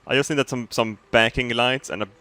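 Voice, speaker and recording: A man giving excitable gameplay commentary, laughing often and swearing freely as he builds. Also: medium pitch, a little fast, smooth, no room sound. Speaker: gamer.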